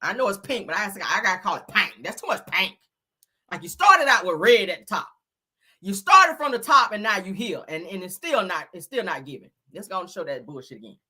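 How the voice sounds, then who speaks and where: Woman host, bright and sassy, animated, blunt fashion takes for a live chat. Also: mid-range voice, brisk, slightly rough. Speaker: livestream host. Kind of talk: casual celebrity fashion commentary.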